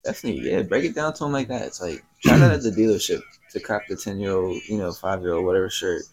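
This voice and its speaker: A man's voice: sits low, quick pace, slight background noise. A young man co-hosting a podcast, chatting in an easygoing way and laughing easily. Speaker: podcast co-host. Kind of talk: casual chat.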